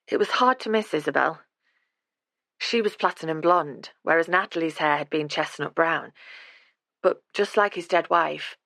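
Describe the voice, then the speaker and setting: A woman narrating an audiobook in a steady, measured reading voice. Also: low-pitched, dry recording.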